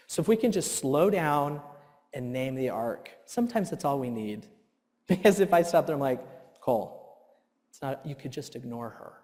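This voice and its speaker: Animated man presenting in a reverberant hall. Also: fairly high pitch. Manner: animated storytelling, acts out his own outbursts. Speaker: workshop presenter. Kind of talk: live workshop talk. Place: church hall.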